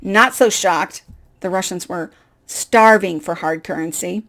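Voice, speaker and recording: Animated woman telling a personal story. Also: lowish voice, unhurried. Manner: animated, self-deprecating, acts out dialogue. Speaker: speaker.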